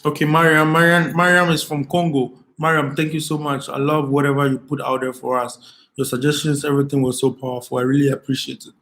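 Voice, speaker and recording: Guy on a late night live stream, kinda high voice, really impassioned, keeps repeating himself. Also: fairly even intonation, fairly quick, fairly bright tone. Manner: impassioned, repeats phrases, pleads with viewers. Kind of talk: emotional live stream commentary.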